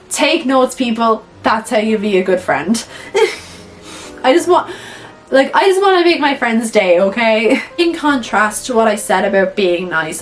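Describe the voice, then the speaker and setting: A young woman chatting casually in her video, animated and blunt, swearing freely and saying "like" a lot. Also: medium pitch, low-quality recording. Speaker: YouTuber. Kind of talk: casual movie-ranking chat.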